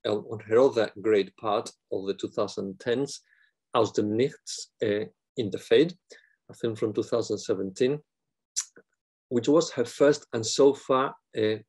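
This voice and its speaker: Man giving a measured academic lecture. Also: on the low side, a little mellow. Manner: measured, reads prepared text with occasional fillers and restarts.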